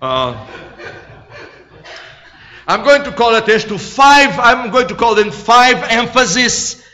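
A male guest preacher delivering a sermon in slightly broken English. He moves between loud, emphatic proclaiming and quiet asides. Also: high voice. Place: church. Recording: echoey, dull church recording.

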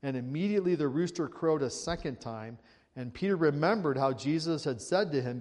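A man's voice: fairly high pitch, animated, fairly quick, a little mellow. Man preaching in a reverberant hall, slightly raised voice, asks listeners questions. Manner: conversational preaching with rhetorical questions. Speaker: pastor. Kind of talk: sermon.

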